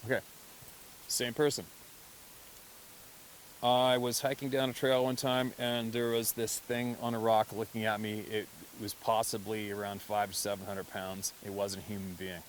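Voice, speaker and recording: A man, a hunter, talking in a casual monologue, animated and laughing often as he acts out other people's reactions. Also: fairly low pitch, normal speed, slight background noise. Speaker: hunter telling encounter stories.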